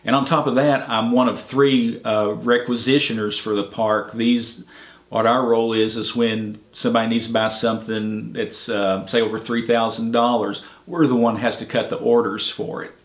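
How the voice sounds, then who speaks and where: A man's voice: medium pitch, level tone, normal speed. A middle-aged man, a park ranger, telling stories in an easygoing, plainspoken way in an oral history interview, with many fillers. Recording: echoey room.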